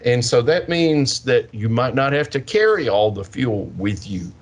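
An older man, a science educator, answering interview questions with lively storytelling and acted-out kids' voices. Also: medium pitch, unhurried. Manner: animated, acts out kids' voices. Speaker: science educator with a portable planetarium.

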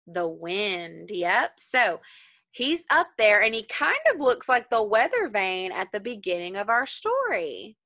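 A woman teacher reading a folktale aloud to young children, pausing to ask them questions about the story. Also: a little high, dry recording. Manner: expressive, questioning the listeners.

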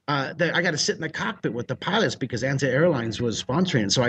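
With a mid-range voice and a breathy edge, this middle-aged man from the United States, a drawing teacher, recounts a story with lively energy. Excitable, he breaks into shouts and laughter mid-story.

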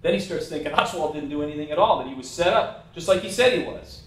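A man's voice: on the high side, animated, quick pace. Blunt, chatty man in an echoey room. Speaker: presenter. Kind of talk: casual slideshow talk. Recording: echoey room, mic at a distance.

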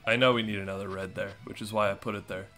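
A young man, a gaming streamer, gives casual commentary on a puzzle game he's playing, trash-talking his opponent with playful sarcasm. His voice is lowish and sharp, level in tone and fast, with faint music behind.

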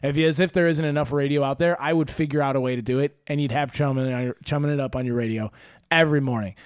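A man hosting a casual podcast, ranting and swearing freely as he tells animated stories. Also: mid-range voice, quick pace, clean tone, no echo, studio quality. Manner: profane, ranting, animated storytelling. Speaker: podcast host.

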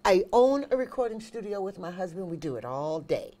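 A woman's voice: lowish voice, brisk. A woman, a singer and vocal coach, chatting as an interview guest and telling stories with emphatic repetition. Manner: animated storyteller, emphatic repetition.

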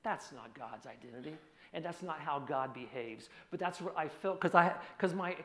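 A man preaching a personal testimony sermon in an earnest voice, dropping to a hushed tone at heavy moments. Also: on the high side, expressive, moderate pace. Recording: echoey hall.

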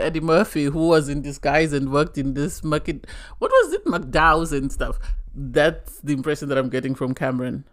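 Chatty opinionated woman reviewing TV. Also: sits low. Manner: chatty, opinionated, repeats phrases for emphasis. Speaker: reality TV reviewer. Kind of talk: casual spoken review.

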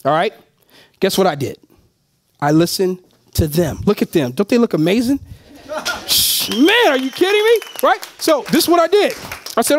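A man giving an energetic sales pitch to a live audience, calling out to the crowd and laughing often. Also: moderate pace. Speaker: motivational speaker at a business opportunity meeting. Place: meeting room with a live audience.

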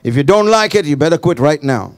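A man preaching a sermon as pastor to his church, building to shouted, impassioned calls and call-and-response with the congregation. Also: fairly high pitch, expressive, fairly quick.

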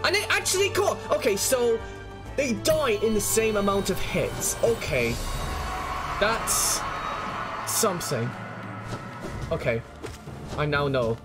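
A young man streaming a game, out of breath, swearing and shouting in triumph, then grumbling through his commentary. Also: sits high, slow, long pauses, loud music behind the voice. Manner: swearing, excitable, yells in triumph. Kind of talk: live gameplay commentary.

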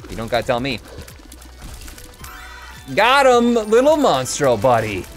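A man's voice: mid-range voice, huge pitch swings, a little slow, faint music behind. A man giving casual, chatty commentary while streaming a game and answering his chat.

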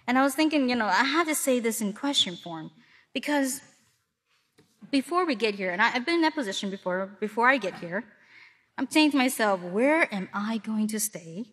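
Woman sermon speaker from Milwaukee, higher-pitched voice, lively storyteller. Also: a little fast. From Milwaukee, Wisconsin. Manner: lively storytelling with acted-out asides. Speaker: congregation speaker.

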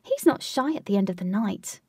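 A woman voicing a small, cheeky flying woman with wings in a storybook reading, speaking high, loud and teasing. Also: animated, normal speed, husky, no room sound, far from the mic. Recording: dry, voice set back from mic.

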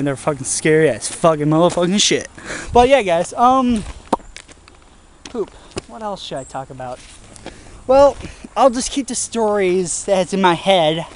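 A man's voice: high voice, slight background noise, rough recording. A young man from Wisconsin, rambling casually and profanely in a self-mocking vlog. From Wisconsin, United States. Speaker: vlogger.

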